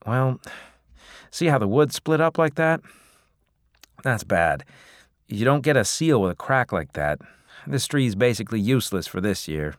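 A man's voice: mid-range voice, sing-song, a little slow, long pauses, no echo, clean studio sound. A man voicing a practical maple-tapping specialist who explains things step by step. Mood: instructive. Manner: matter-of-fact explaining.

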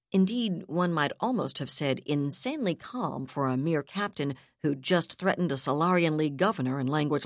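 A woman narrating a novel in a steady, clear reading voice. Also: low voice, no room sound, clean studio sound. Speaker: audiobook narrator. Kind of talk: scripted narration.

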